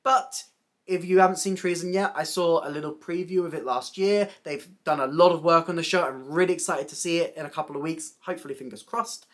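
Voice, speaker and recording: A woman's voice: lowish voice, fairly quick. Chatty woman recapping theatre news. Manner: chatty and enthusiastic, laughs often.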